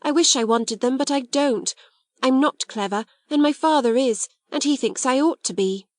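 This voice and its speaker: A woman's voice: high-pitched, moderate pace, no echo, clean studio sound, voice pushed up, close to an everyday voice. A woman reading an audiobook, voicing a timid, anxious schoolgirl with a pleading, worried manner. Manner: pleading, worried girlish delivery.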